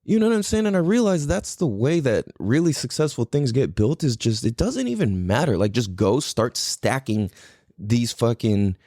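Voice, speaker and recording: A man's voice: mid-range voice, a little mellow, dry recording, studio quality. A man from California with kids, hosting his own podcast and rambling through a casual solo talk full of swearing and fillers. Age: adult parent. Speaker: podcast host.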